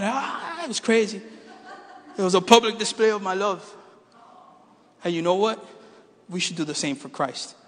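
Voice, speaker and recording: In a reverberant church hall, a middle-aged male pastor with a high, fairly bright voice preaches, weaving jokes into a personal story for the congregation.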